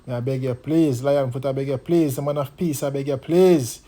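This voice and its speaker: A man's voice: mid-range voice, steady tone, moderate pace, mellow. A man with a Jamaican accent hosting a commentary vlog, making pleading, preacher-like appeals. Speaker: vlog host.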